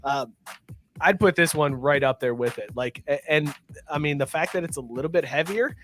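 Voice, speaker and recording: A man's voice: a little high, normal speed, fairly bright tone, soft background music. A man hosting a casual podcast chat, enthusiastic and teasing his guest. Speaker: podcast host.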